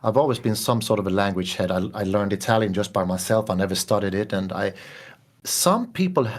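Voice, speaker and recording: A man's voice: lowish voice, animated, a little fast. A man from Sweden, chatting enthusiastically as a guest composer in a casual conversation. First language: Swedish.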